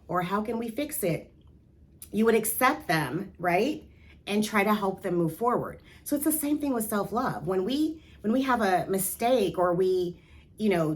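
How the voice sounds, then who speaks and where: A woman leads a self-esteem lesson for young girls in a medium-pitched voice. She talks to them directly, coaxing and lively, and has them repeat affirmations out loud. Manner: animated, coaxing, asks listeners to repeat affirmations. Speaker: youth self-esteem instructor. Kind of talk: encouraging talk to young girls.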